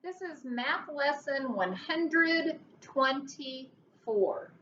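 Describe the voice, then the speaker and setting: Slow, gentle first-grade teacher. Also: female voice, high voice, expressive, slight background noise. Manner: slow, gentle, coaxing, talks to a puppet. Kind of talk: recorded lesson for young children. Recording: roomy, dull sound from a distance.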